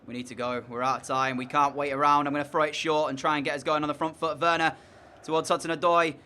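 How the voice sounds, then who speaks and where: A man talks through a football video game match in casual commentary, his voice bright and forceful and a touch high. He gets frustrated and shouts at mistakes, with faint noise in the background. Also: level tone, quick pace. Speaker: gaming commentator.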